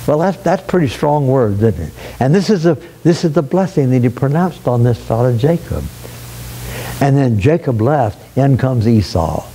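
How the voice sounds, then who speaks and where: A man preaching a sermon, retelling a story in an unhurried, folksy way with frequent restarts and repeated words. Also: mid-range voice, animated, dark tone.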